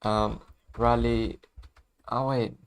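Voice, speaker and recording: Slow-talking laid-back male streamer. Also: medium pitch, little pitch movement, creaky, smooth. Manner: laid-back, chuckles often, trails off mid-sentence. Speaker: music producer streaming. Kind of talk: casual livestream chat.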